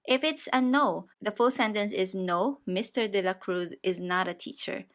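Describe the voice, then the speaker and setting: A woman teaching a beginner Japanese grammar lesson, explaining patiently and repeating each example sentence slowly. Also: medium pitch. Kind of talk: slow, step-by-step grammar lesson.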